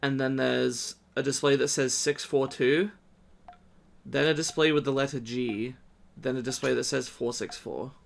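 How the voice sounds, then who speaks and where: A man's voice: mid-range voice, fairly even intonation, normal speed, creaky, a little hiss or hum. A male streamer in casual game chat who laughs often while he describes what is on his screen.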